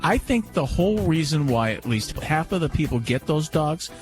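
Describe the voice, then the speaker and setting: A man's voice: on the high side, very animated, moderate pace, faint music behind. A man co-hosting a radio show, teasing and joking playfully. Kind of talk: joking banter.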